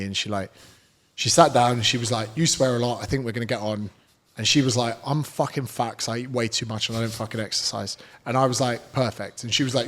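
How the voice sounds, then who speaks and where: A man in a relaxed podcast conversation, telling stories in a blunt, swearing way. His voice sits at an ordinary pitch for a man. He talks as a fitness coach chatting with a host. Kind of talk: casual podcast chat.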